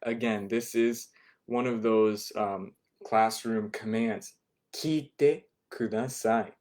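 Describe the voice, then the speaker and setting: A man's voice: fairly low pitch, steady tone, darkish tone. A man teaching a beginner language class online, explaining phrases patiently and often checking in with "right?". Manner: repeats phrases slowly for learners.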